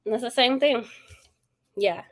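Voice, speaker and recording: A woman's voice: on the high side, a little slow. A woman hosting a casual book livestream, chatting to viewers, greeting them by name and laughing often. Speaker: book channel host.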